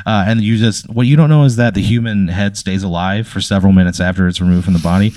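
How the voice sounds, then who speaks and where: A young man runs a tabletop game in a low, rambling narrating voice. He keeps breaking into laughter as he spins out the scene. The recording is close and dry, with no room sound. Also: fairly even intonation, quick pace, darkish tone, no room sound. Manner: loose, rambling storytelling with frequent laughs. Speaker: game master.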